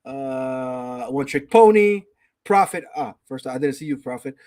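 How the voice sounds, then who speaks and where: A man's voice: mid-range voice, expressive, unhurried, darkish tone. A man hosting a casual gaming podcast, ranting with heavy profanity and reading out chat names. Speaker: podcast host.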